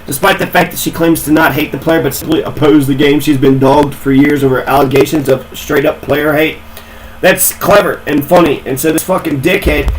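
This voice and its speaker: A man's voice: on the high side, normal speed, a little hiss or hum, low-quality recording. A man ranting in a casual, rambling way, swearing a lot and repeating himself. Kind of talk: casual profane rant.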